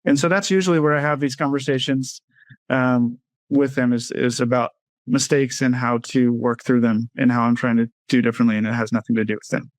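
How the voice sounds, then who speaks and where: A man's voice: medium pitch, steady tone, brisk, dry recording. A man who coaches parents, explaining his views in a casual interview and often checking in with "right?". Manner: thoughtful, explanatory, frequent "right?" tags. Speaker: guest, clinical social worker and parenting coach.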